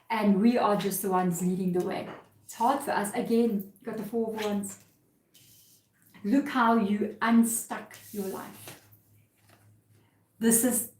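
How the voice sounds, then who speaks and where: Woman tarot reader, earnest and emotional, mid-pitched, recorded in an echoey room. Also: darkish tone. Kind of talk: live tarot reading.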